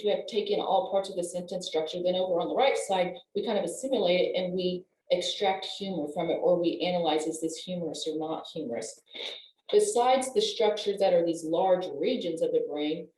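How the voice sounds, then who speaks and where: An older woman with a low, mellow voice talks animatedly about how the body works. She laughs as she explains. She sounds set back from the mic in a roomy space. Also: a little hiss or hum. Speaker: guest, wellness professional. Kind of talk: conversational explaining.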